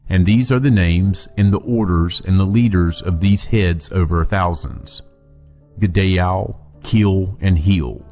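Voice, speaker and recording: Deep-voiced man reading scripture solemnly. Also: darkish tone. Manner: slow, solemn and measured. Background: faint music.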